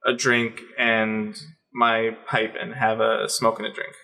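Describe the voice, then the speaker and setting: A man playing a tabletop game, speaking hesitantly and deliberately. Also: lowish voice, flat delivery, vocal fry, sharp tone, rough recording. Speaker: player.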